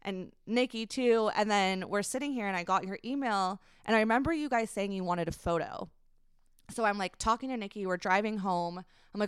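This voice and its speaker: A woman's voice: medium pitch, a little fast, smooth, no room sound, clean studio sound. A woman in her twenties, a guest on a podcast, telling a personal story in a hesitant, emotional way, full of likes and ums. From United States. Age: 20s. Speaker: guest, brand founder.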